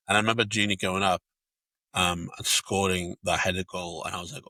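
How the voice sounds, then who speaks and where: A man with a low voice and a bright, forceful edge, recorded dry and close. He co-hosts a casual chat podcast and tells stories in an animated way, full of fillers and swearing. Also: fairly quick, no room sound. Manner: animated storyteller, swears freely, many fillers. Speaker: podcast co-host.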